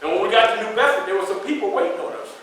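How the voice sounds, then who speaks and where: A man's voice: sits high, very fast, slight background noise. An actor playing Frederick Douglass as a proud former slave, telling his story live to an audience and calling out to them. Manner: animated, calls out to the audience. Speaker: historical reenactor. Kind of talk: live first-person historical performance. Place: library room before an audience. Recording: echoey room from far off.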